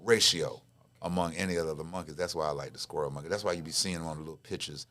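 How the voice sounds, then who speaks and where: A man's voice: rumbling low, fairly even intonation, rapid-fire, bright, forceful tone. A man hosting a podcast, talking casually and explaining things at length. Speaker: podcast host. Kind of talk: casual chat.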